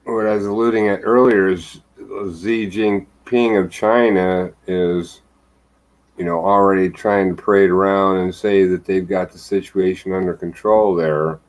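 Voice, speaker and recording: Lowish man, halting with many ums. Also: fairly even intonation, low-quality recording. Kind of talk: casual chat.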